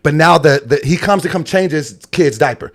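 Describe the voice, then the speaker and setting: Animated man telling a story. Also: fairly high pitch, brisk. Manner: animated storyteller acting out quotes, laughing often. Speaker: podcast co-host. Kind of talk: casual storytelling.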